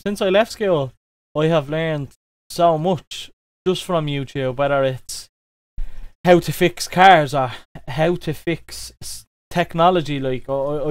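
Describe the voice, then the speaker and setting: Young Irish man, fairly high voice. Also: no echo. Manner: relaxed, repeats words, fillers like "like" and "um". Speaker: interview guest, vlogger. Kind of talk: casual interview chat.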